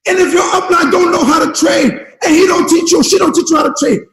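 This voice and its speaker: A man giving a fired-up motivational speech on a team call, shouting and repeating himself like a preacher. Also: very high-pitched, quick pace, echoey room, long reverb tail, poor audio. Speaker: network marketing leader.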